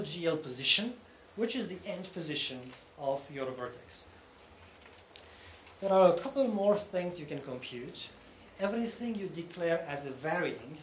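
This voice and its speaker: A man presents at a technical conference, walking through each point step by step and pausing to check that the audience is following. His voice sits somewhat high. The hall around him echoes, with a faint hum of room noise beneath. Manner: explains step by step, often checking in with "okay?". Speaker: conference speaker.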